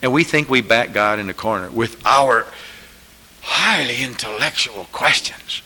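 A man preacher delivering a sermon, emphatic and repetitive, rising to loud scripture calls and dropping low for asides. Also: expressive, unhurried, husky, poor audio. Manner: emphatic, repeating lines, rising to shouted scripture.

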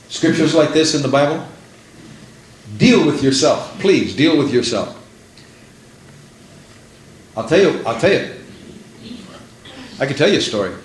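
A man preaching a sermon, emphatic, repeating phrases for effect. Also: mid-range voice. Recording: roomy echo.

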